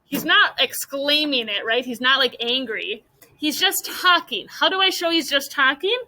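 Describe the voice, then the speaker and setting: A woman's voice: high voice, animated, moderate pace, pushed and bright, rough recording. A woman teaching a classroom mini lesson, patiently walking students through each step with guiding questions.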